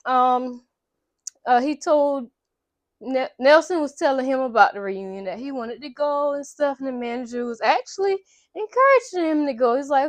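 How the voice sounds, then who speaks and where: A woman's voice: high-pitched, expressive, moderate pace, no room sound. A woman vlogger chatting through a casual movie recap in a slangy, rambling way. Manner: chatty, slangy, full of blah blah.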